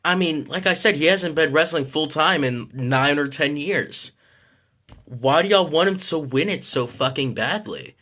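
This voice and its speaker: A man's voice: on the high side, lively intonation, measured pace, sharp tone. Frustrated man ranting, swearing. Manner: frustrated, rambling, swears a lot, apologetic. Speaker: vlogger. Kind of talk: casual ranting vlog.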